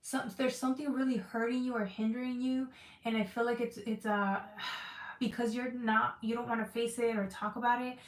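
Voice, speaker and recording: A woman's voice: a little high, flat delivery, fairly quick, far from the mic. A woman giving a casual tarot reading, talking emotionally and repeating herself as she searches for words. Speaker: tarot reader. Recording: echoey room, voice off-mic.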